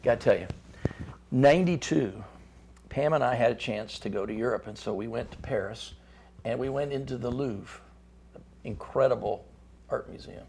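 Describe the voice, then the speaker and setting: A man's voice: mid-range voice, normal speed, vocal fry, pauses often, a little mellow, slight background noise. A middle-aged man, a chamber of commerce guest on a talk show, gives folksy business advice with frequent restarts and repeated words.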